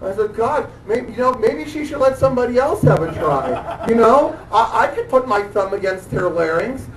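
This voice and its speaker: A man doing dark stand-up comedy on a club stage, halting and hesitant, full of fillers and restarts, chuckling at his own jokes. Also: sits high, lively intonation, crowd noise. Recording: echoey room, distant mic, audience noise.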